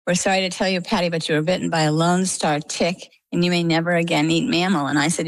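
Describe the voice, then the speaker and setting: A middle-aged woman from Maine, a guest in an interview, telling her story in a lively, conversational way and acting out the quoted dialogue. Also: sits low, gravelly, no echo, poor audio. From Maine, USA.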